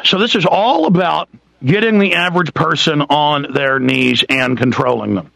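A man hosting a political talk radio show, delivering an intense, ranting monologue full of lists and rhetorical questions, slowing down to hammer words. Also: on the high side, vocal fry, a bit bright, no room sound, low-quality recording.

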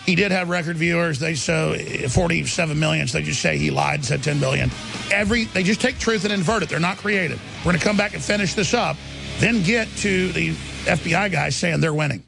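A man's voice: fairly high pitch, fairly quick, vocal fry, music in the background. A male talk radio host giving heated, combative political commentary in a ranting style. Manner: ranting, combative, repeats words.

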